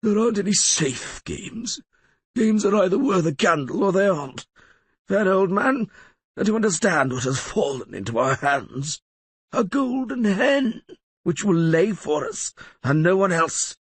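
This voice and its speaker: Sardonic sick lawyer, storybook villain type, sneering and shrewd, voiced by a male narrator; husky, lively swings. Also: sits high, unhurried, no echo, exaggerated voice. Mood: scornful. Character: scheming sickly male lawyer, sardonic and cunning.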